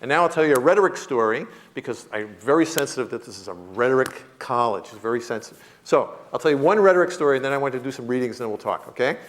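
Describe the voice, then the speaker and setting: A man's voice: mid-range voice, animated, fast talker, hardly any pauses. A man in his fifties giving a university lecture as a comic storyteller, acting out the voices in his anecdotes and laughing often. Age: 50s. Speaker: guest lecturer.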